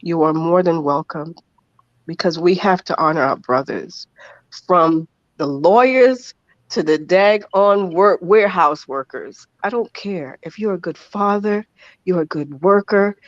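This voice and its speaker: A man's voice: high voice, a little slow, no room sound. An earnest man speaks as a podcast guest, heartfelt and emphatic, repeating key phrases. His audio is dry with no room sound and comes through dull and lo-fi. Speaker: interview guest. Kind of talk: emotional podcast interview.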